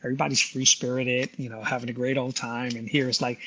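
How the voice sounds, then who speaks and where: Brief: male musician recounting his career in an interview, loose and rambling, laughing now and then, with a husky edge to his voice. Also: medium pitch, little pitch movement, fast talker, pushed and bright. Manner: rambling, many "you know" fillers, laughs often. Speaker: guest musician. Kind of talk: casual interview storytelling.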